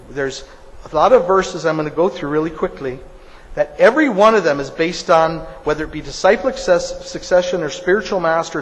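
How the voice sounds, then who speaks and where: A man preaches in a fairly high, emphatic voice, telling stories and hammering points home by repeating phrases. A long hall reverb follows his words. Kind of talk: sermon.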